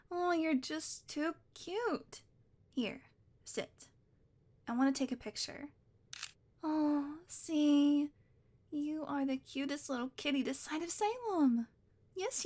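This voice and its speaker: A woman voicing a doting, possessive yandere witch who coos baby talk at her pet, in a whispered role-play. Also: high voice.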